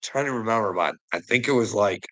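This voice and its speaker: A man from Canada talking in a casual, rambling monologue, swearing often and trailing off quietly at the ends of phrases. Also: lowish voice, fairly quick, low-quality recording. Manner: rambling, heavy swearing, frequent "you know what I mean". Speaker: vlogger.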